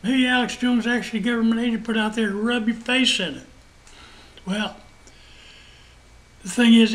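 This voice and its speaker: A man's voice: sits high, poor audio. A man hosting a show, delivering a rambling, profane monologue rant with emphatic repetition. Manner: profane, emphatic, laughs at his own points. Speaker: host.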